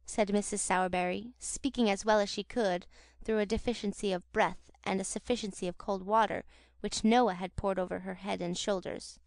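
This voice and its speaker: A woman reads a classic novel aloud in a measured, dramatic audiobook style. Her pitch is mid-range for a woman, and the recording is dry and close with no room sound. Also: steady tone, no echo. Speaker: audiobook narrator. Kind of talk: expressive audiobook narration.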